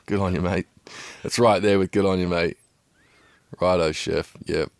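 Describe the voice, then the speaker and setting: A man's voice: sits low, steady tone, normal speed, no echo, clean studio sound. A man in his fifties from Australia with an Australian accent, chatting casually and joking as a podcast guest. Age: 50s. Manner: laid-back, joking, rattles off slang. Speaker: drummer guest.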